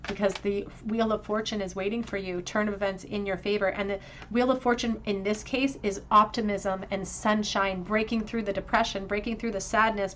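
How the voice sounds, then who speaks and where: Woman tarot reader in her own voice, earnest and moved, talking with braces, mid-pitched, faint hiss behind her. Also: fairly bright tone. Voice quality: speaking with braces. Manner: earnest, emotional, speaks directly to viewer. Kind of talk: pick-a-card tarot reading.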